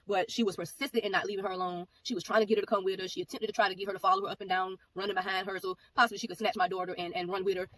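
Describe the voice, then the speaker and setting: A woman giving a personal testimony, telling the story in a rapid, animated way and acting out the back-and-forth of the exchange. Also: mid-range voice. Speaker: ministry speaker giving a testimony. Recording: voice a bit far from mic, faint background noise.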